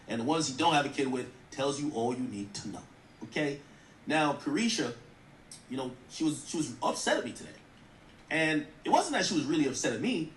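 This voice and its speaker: A man's voice: fairly high pitch, sing-song, quick pace, echoey room, far from the mic, a little hiss or hum. A man giving blunt, profane, mocking commentary in a rant. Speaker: streamer commentator. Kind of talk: ranting commentary.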